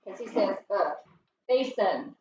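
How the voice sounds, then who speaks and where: A woman's voice: medium pitch, expressive, slow, a little mellow, dull audio, a little hiss or hum. A woman teaching a first grade phonics lesson, explaining each step patiently, recorded from a distance in a roomy space.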